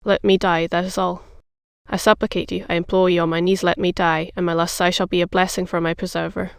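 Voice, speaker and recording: A flat, synthetic-sounding reader voicing Milady, a scheming noblewoman prisoner, in an audiobook, with little change from the narration voice. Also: medium pitch, a little fast, gravelly, clean tone, dry recording, studio quality, lightly acted. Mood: pleading. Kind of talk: audiobook reading.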